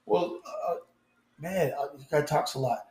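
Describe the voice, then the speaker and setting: A man's voice: on the high side, moderate pace, reverberant, crowd noise. A man debating who taunts and boasts, laughs at his opponent, and insists that he is winning. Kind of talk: heated online debate.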